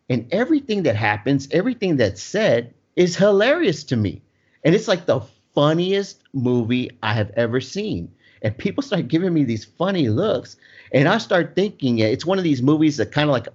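Laughing storyteller man, lively pitch. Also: slightly rough. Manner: animated, laughs often while telling. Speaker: storyteller guest. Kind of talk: casual anecdote. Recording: dull lo-fi sound.

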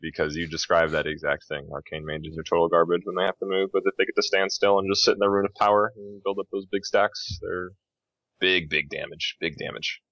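A man co-hosting a casual gaming podcast, talking quickly and emphatically with casual slang. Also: low voice, flat delivery, fairly bright tone, no room sound. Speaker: podcast co-host. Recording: dull lo-fi sound.

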